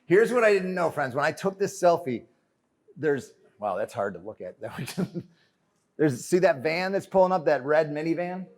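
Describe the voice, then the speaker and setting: A man's voice: on the high side, normal speed. A man giving a motivational keynote on stage, telling a story with jokes and calling the audience "friends". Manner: animated, joking, calls the audience "friends". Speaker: keynote speaker. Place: conference stage before a live audience.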